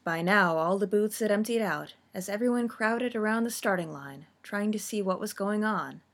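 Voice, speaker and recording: A woman narrating a story with a steady, expressive reading. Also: mid-range voice, normal speed.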